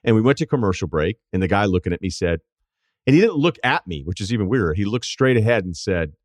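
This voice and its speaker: Low-voiced man in a reflective sports monologue. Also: very animated, quick pace, no echo, clean studio sound. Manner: reflective, conversational, acts out quotes. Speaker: sports radio and podcast host. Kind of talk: casual monologue.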